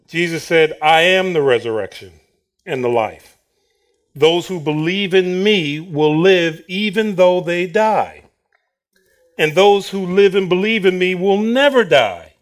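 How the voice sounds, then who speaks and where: A man's voice: high voice, unhurried. A man preaching a sermon, acting out the Bible characters' words with bursts of laughter. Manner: animated, acts out Bible quotes with laughter.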